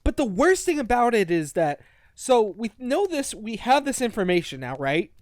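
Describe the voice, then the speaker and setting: A man hosting a casual book-review podcast, retelling the plot in an excited, rambling way. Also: high voice, normal speed, no room sound, studio quality. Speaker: podcast host.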